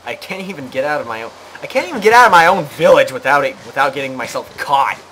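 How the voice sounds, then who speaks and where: A man's voice: medium pitch, very animated, fast talker, bright, forceful tone, poor audio. A man hosting a let's play, rambling and joking to himself as he plays, self-mocking and chatty. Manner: rambling, jokey, self-mocking, talks to himself while playing. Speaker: gaming channel host. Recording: clear background noise.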